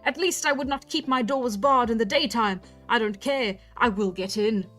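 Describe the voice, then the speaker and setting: Woman reading an indignant stiff gentleman. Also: on the high side, normal speed, faint music behind, lightly acted. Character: stiff, irritable gentleman visitor, male.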